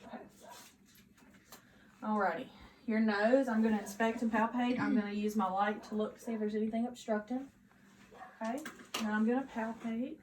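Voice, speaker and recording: A woman who is a nursing student, narrating a physical assessment step by step with steady, instructive directions. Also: on the high side, moderate pace, long pauses, slight background noise. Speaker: nursing student performing an exam. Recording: echoey room with faint ambience.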